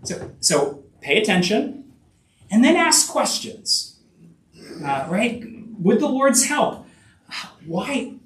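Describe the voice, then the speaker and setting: A man with a high voice preaches a sermon, stumbling and restarting as he throws rhetorical questions at his listeners. He sits some way back from the mic, and the room adds a noticeable echo. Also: very animated, far from the mic, a little hiss or hum. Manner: halting, many restarts and fillers, rhetorical questions. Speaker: pastor.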